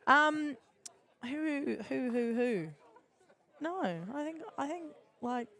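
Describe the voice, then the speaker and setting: A woman chatting casually as a guest in a sports commentary booth, self-deprecating and quick to laugh. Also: high-pitched, fairly bright tone. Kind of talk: casual chat on a sports broadcast.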